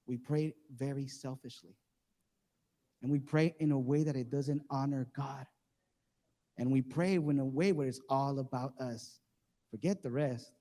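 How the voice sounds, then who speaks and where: Laughing casual pastor in a reverberant hall. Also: male voice, sits high, dark tone. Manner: casual and joking, acts out quoted voices, laughs often. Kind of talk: conversational sermon. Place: church sanctuary. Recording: live service in a reverberant hall.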